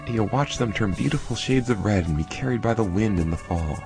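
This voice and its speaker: A man's voice: on the low side, expressive, a little fast, gravelly, pitched above the performer's own voice. A man putting on a raised voice for an earnest young man who is lost in a cave and reads game dialogue aloud. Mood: reassuring. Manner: earnest and reassuring. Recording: faint game music behind.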